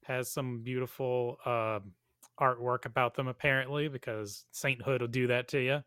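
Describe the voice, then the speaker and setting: A man co-hosting a casual podcast, laid-back and halting, with many fillers. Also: medium pitch, steady tone, fairly bright tone, smooth, dry recording, clean studio sound. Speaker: podcast co-host.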